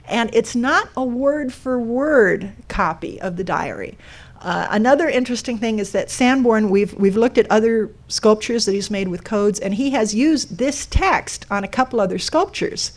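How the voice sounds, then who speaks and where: A woman's voice: a little high, expressive, normal speed. A woman giving a talk to a live audience, explaining step by step and putting questions to the room. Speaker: speaker giving a talk on a code sculpture.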